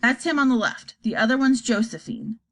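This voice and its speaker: Brief: anxious mother, high and pleading, voiced by a woman reader. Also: brisk, fairly bright tone. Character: anxious caring middle-aged mother.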